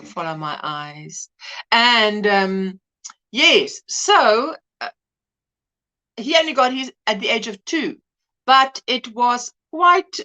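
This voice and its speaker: A woman hosting a casual crafting livestream, chatting and greeting viewers one by one by name with quick asides. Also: high-pitched. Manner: animated, quick asides and laughs. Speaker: livestream host.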